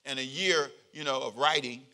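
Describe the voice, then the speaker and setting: A male pastor giving a conversational sermon, joking and animated, leading the congregation in call-and-response. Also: medium pitch, normal speed.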